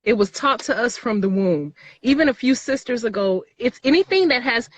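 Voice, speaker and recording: A woman's voice: fairly high pitch, expressive, moderate pace, no room sound, rough recording. A woman calling in to a live show, explaining her views earnestly as if lecturing. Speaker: caller. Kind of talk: explaining call-in talk.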